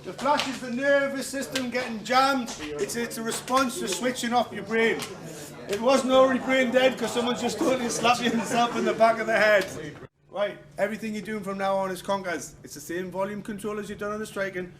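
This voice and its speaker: A man's voice: sits high, steady tone, fairly quick, crowd noise. A man teaching a martial arts class, joking and swearing and acting out other people's lines. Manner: joking, swears, acts out quotes. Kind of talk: class instruction with humor. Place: training hall. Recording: echoey hall with noise.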